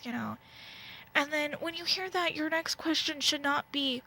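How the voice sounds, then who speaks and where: Wrapped in a blanket at home, a young vlogger with a Southern US accent rambles through a candid rant to camera, using lots of fillers. Her voice sits high with vocal fry and a sharp tone, at normal speed, on a rough recording.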